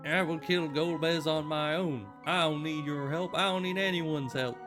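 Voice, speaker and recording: A man's voice: fairly high pitch, fairly even intonation, moderate pace, pitched above the performer's own voice, close to an everyday voice. A man reading the lines of a vengeful old male sage in a stern, clipped way, over guitar music.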